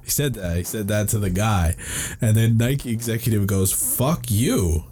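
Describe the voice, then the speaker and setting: Young male podcast co-host, low mellow voice, animated storyteller, curses casually. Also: normal speed, a little hiss or hum. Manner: animated storytelling, swearing freely.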